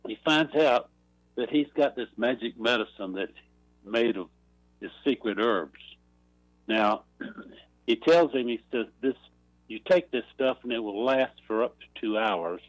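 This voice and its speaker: A man calling a talk radio show and slowly telling a long joke, clearing his throat along the way. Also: lowish voice, no echo, dull audio. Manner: slow rambling storyteller, clears throat. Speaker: caller.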